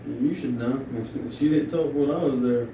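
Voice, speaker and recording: A man's voice: medium pitch, a little slow, mellow. A man making casual remarks off-mic to the host. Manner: casual interjections from across the room. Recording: echoey room, far from mic, background noise.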